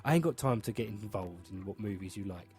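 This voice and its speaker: A man's voice: lowish voice, animated, brisk, a little mellow, slightly rough. A young man hosting a podcast, chatting in a rambling, jokey way and slipping into silly greeting voices. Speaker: podcast host. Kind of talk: casual chat.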